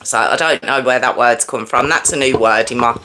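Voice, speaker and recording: A woman hosting a live stream from home, chatting excitedly with viewers and talking to herself as she adjusts her setup. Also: rumbling low, a little fast. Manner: excitable, chatty, talks to herself while fiddling with lights. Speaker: true crime live-stream host. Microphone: desk microphone.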